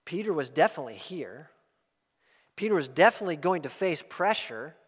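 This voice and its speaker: Man preaching in a church, high voice, long hall echo, swings from loud to soft. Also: very animated, slightly rough. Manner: swells loud and quick then drops soft. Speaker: pastor. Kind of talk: sermon.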